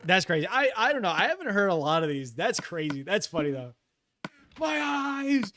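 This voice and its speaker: Man streaming late at night, fairly high voice, bouncy lively pitch, laughs a lot, faint game music behind. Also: fast talker, noisy background. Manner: excitable, laughs often, reads chat aloud. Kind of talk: casual late-night live stream chat.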